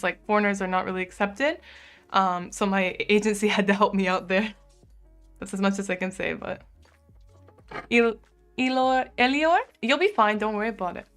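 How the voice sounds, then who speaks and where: A young American woman chats casually on her live stream, reading out viewer messages and answering them. She talks freely and fills her sentences with "like", with easy laughs mixed in. Soft music plays faintly behind her. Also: mid-range voice, clean tone. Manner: chatty, fills speech with "like", laughs often. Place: home streaming room.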